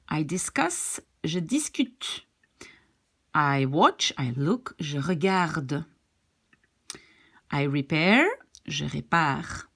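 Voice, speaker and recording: A woman's voice: deep voice, vocal fry, a bit bright. A woman whose first language is Dutch, teaching French in an online lesson and patiently drilling vocabulary aloud.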